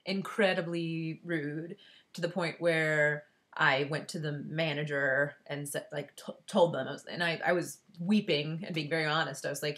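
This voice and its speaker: A woman speaks straight to her viewers in a heartfelt, unscripted vlog. She talks candidly, stopping and restarting her sentences, and her voice sits somewhat low for a woman. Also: fairly even intonation, fairly bright tone. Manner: candid, halting, with many restarts and fillers; earnest and heartfelt. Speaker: vlogger giving a personal update. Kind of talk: emotional personal vlog.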